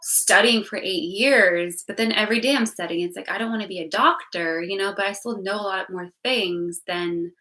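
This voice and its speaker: A woman's voice: medium pitch, moderate pace, hardly any pauses, pushed and bright, low-quality recording. A young woman giving a casual, rambling livestream update, talking frankly with lots of "like" and the odd swear word. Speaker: vlogger.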